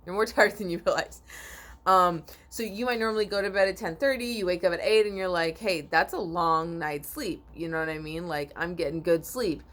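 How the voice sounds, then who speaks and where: A woman giving a spiritual oracle card reading to viewers, sleepy and yawning, rambling with repeats and restarts and often clearing her throat. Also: on the low side, brisk, fairly bright tone.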